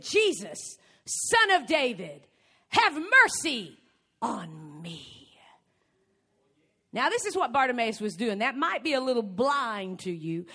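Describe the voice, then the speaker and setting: A woman preacher delivering a sermon, emphatic and building up to shouts. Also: a little high.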